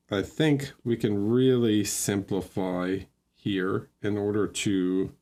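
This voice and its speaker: A man gives casual livestream feedback on painted miniatures, thinking aloud and greeting viewers between points. His voice sits a little low, and he talks slowly and unhurriedly, like someone working through a critique at a desk mic. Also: darkish tone.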